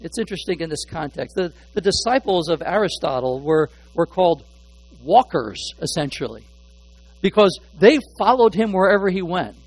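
In a rough recording, a male pastor with a high voice preaches a sermon in an animated but halting way, repeating words as he looks for the right phrase. His delivery swings between quiet asides and emphatically stressed words.

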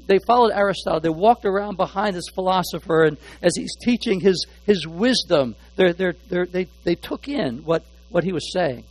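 High-voiced pastor with halting delivery. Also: male voice, expressive, low-quality recording. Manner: halting, repeats words while searching for phrasing; shifts between hushed asides and emphatic stressed words. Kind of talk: sermon.

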